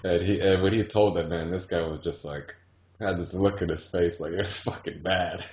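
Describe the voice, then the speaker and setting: Deep-voiced, laid-back swearing man. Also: steady tone, moderate pace, a little mellow. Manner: laid-back, profane storyteller. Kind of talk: casual chat. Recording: dull, roomy lo-fi recording.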